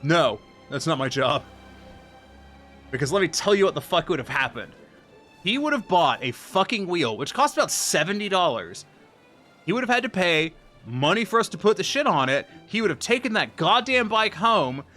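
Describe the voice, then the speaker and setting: Profane, animated man ranting. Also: high voice, moderate pace, faint music behind. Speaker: streamer. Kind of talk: casual ranting story.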